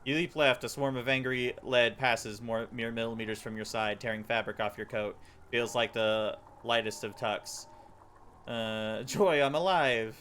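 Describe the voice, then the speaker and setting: A man streaming a game, reading its text aloud with stumbles, laughs and quick reactions. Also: mid-range voice, flat delivery, bright, forceful tone, slight background noise.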